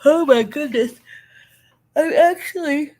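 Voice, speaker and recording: Her voice sits high and darkish, and she takes it slowly. This middle-aged livestream host answers her chat casually, laughing and affectionate, though yawning and sleepy.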